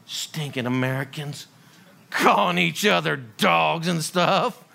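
Folksy pastor, high bright voice, animated sermon delivery. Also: male voice, slow, vocal fry. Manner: animated, rhetorical questions, folksy humor.

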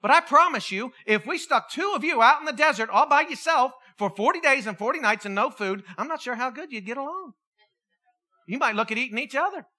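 A middle-aged preacher giving a sermon as an animated storyteller who acts out quoted voices and adds jokey asides. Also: high-pitched, fairly quick.

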